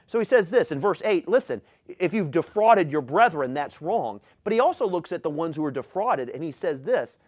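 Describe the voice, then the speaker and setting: A man's voice: fairly high pitch, sing-song, brisk, few pauses, no echo. A middle-aged male pastor preaching a sermon, reading scripture aloud and driving his points home with emphasis.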